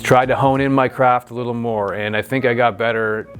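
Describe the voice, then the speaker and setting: A man's voice: mid-range voice, fairly even intonation, brisk, soft background music. A man in his forties, an author who talks thoughtfully about his writing and then reads from his own novel. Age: 40s. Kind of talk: author talk and book reading.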